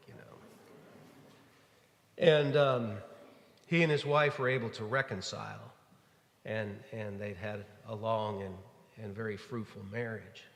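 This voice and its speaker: A pastor preaching a sermon in a church, telling stories in a relaxed, conversational way with frequent fillers. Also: male voice, medium pitch, a little slow, long pauses. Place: church sanctuary. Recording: echoey church hall.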